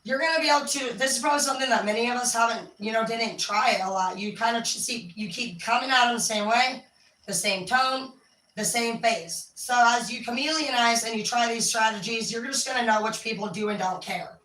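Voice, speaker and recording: A woman talks frankly and swears freely, giving advice and acting out quoted lines. Her voice is bright and a little high. She sits back from the mic in an echoey room. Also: a little fast, recorded from a distance. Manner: candid and profane, acts out quoted voices. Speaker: speaker giving life advice. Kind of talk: casual monologue.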